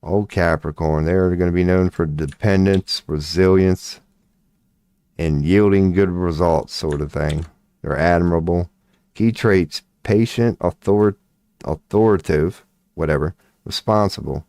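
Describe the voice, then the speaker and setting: Deep, slow-talking man. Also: a little mellow, dry recording. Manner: laid-back, profane, muttering while working on the computer. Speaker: astrology streamer. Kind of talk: casual live-stream commentary.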